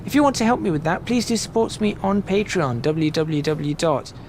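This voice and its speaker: Young guy rambling thru a driving game, bit high voiced, game noise under it. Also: animated, moderate pace. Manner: chatty, rambling, self-correcting. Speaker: gaming channel host. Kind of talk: casual gameplay commentary. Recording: game sounds and noise behind voice.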